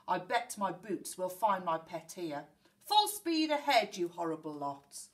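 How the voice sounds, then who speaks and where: A woman voicing a blustering, loud male pirate captain in a storybook reading, roaring and impatient. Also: on the low side, measured pace, far from the mic, close to an everyday voice. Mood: bossy roaring.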